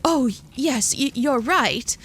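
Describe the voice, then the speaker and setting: A woman's voice: sits high, a little slow, a little hiss or hum, voice pushed up, full character voice. Woman putting on a sweet, cooing old lady. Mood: excited. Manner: cooing, gentle, excitable. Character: sweet, cooing elderly white-haired woman. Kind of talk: storybook reading.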